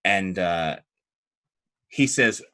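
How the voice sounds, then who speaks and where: A man narrating as game master of a tabletop game, chatty and relaxed, with frequent fillers. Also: sits low, drawn-out words.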